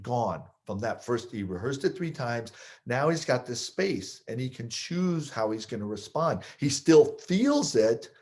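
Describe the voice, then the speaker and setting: A man coaching listeners on triggers, explaining with lively stories he partly acts out. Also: medium pitch, unhurried. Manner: animated storyteller, acts out scenes. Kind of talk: explaining with stories, podcast talk.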